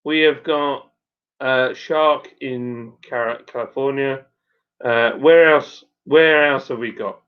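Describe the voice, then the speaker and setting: A man's voice: mid-range voice, slow pace, phone-quality sound. A man hosting a casual live stream, chatting and reading out viewers' messages, sometimes tripping over names.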